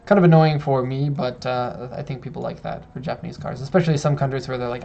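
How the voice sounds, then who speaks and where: Male stream host, gravelly mid-pitched voice, casual and explanatory, lo-fi audio. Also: fairly even intonation, fast talker, few pauses, dark tone. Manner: chatty, explains car details step by step. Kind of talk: casual live-stream chat.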